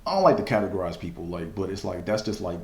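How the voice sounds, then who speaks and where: A young man with a very low voice hosts a casual solo podcast, rambling loosely through a personal story. He leans on fillers and curses, and stumbles into a stutter now and then. The sound carries a roomy echo. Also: animated, fast talker, darkish tone. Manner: stutters at times. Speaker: podcast host.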